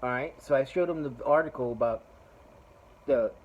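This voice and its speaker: A man's voice: medium pitch, normal speed, narrow, tinny audio. A middle-aged man hosting a podcast, telling a rambling, profane story in a casual monologue. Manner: profane, rambling, laughs while retelling. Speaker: podcast host.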